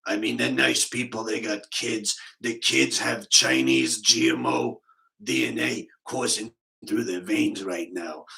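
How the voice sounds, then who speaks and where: A man doing a gravelly Boston-accented conspiracy vlogger. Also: fairly low pitch, unhurried, heavily acted, poor audio. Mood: drawling. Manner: rambling, deadpan, digressive. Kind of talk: comic impression.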